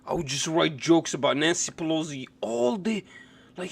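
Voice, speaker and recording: A man's voice: a little high, animated, normal speed, gravelly, breathy edge. A young man streaming live, chatting casually as he reacts to clips, laughing hard and often, swearing freely and rambling loosely.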